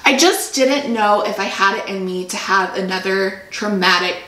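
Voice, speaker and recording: Young woman host, emotional casual storytelling, a little hoarse, echoey room. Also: mid-range voice, normal speed, bright, forceful tone. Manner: emotional, trying not to cry. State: frog in her throat. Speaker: podcast co-host. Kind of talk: casual chat.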